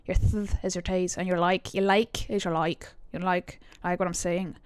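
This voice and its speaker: A woman's voice: on the low side, little pitch movement, normal speed, dry recording. A woman streamer chatting casually and rambling as she reacts to her chat during a live stream, speaking into a streaming mic.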